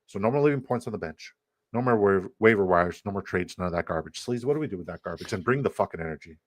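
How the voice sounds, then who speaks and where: A man's voice: sits low, animated, fast talker, no echo. A young adult man hosting a casual livestream with brash, profane, hype-man energy. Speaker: host.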